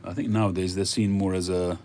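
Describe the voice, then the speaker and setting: Low-voiced man chatting casually. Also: level tone, fairly quick, darkish tone, a little hiss or hum. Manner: conversational, musing, with frequent hesitations. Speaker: livestream host reading viewer comments. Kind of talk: casual chat.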